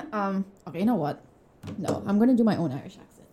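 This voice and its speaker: A woman's voice: mid-range voice, big pitch swings, fairly quick, mellow. A young woman co-hosting a podcast in casual chat, candid and full of fillers. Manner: chatty, filler-heavy, candid and laughing. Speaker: podcast co-host. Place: room with a glass wall.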